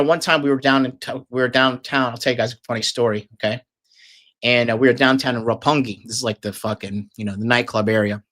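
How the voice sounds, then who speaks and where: A man's voice: medium pitch, fairly bright tone. A man telling a long, casual story, rambling and swearing heavily with lots of fillers. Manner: profane, rambling, filler-heavy.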